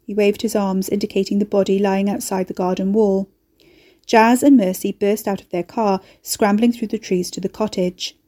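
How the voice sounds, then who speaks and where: A woman narrating a dark fantasy story in an expressive audiobook reading. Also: mid-range voice, moderate pace.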